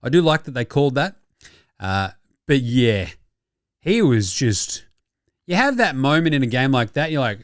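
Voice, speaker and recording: Brief: australian male podcast host, lively swooping delivery, dry close sound, cheeky and sweary. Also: medium pitch, moderate pace, pauses often, dry recording. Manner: animated, sweary, mock-outraged banter. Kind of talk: casual sports recap.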